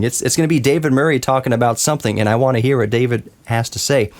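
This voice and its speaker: A man's voice: medium pitch, fast, few pauses. A man hosting a casual podcast roundtable, talking in rambling, self-interrupting runs and laughing often. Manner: rambling, talks over himself, laughs often. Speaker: podcast host.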